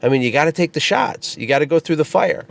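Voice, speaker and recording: A man co-hosting a casual podcast chat, telling stories in an animated way and laughing as he goes. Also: on the high side, fast talker, gravelly. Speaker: podcast co-host and business founder.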